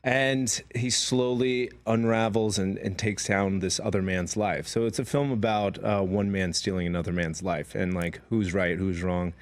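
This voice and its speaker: A man's voice: lowish voice, fairly even intonation, normal speed, hardly any pauses. A man from Queens, raised in Georgia, chatting loosely as an actor guest, rambling with lots of fillers and easy laughs. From Queens, New York; raised in Georgia. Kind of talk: casual interview chat.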